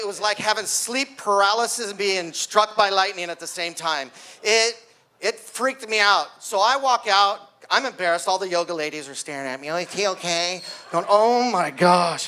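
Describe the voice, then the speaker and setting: A man in his sixties telling a stand-up story at his own birthday party, acting out the screams and voices of the people in it. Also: sits high. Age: 60s. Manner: animated storytelling, acts out screams. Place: party hall with guests.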